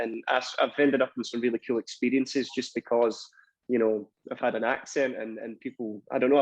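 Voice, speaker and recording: A man's voice: medium pitch, a little mellow, no room sound. A Scottish man speaking as a guest musician on a video panel, hesitant and full of fillers. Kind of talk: casual video panel chat. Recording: dull dry video call audio.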